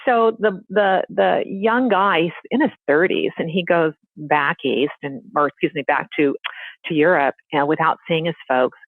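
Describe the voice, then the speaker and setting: A woman therapist telling a story in a casual, animated way, acting out the people she quotes. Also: low-pitched, moderate pace, no echo. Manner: animated, acts out quoted voices. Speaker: therapist and guest. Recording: tinny phone-like line.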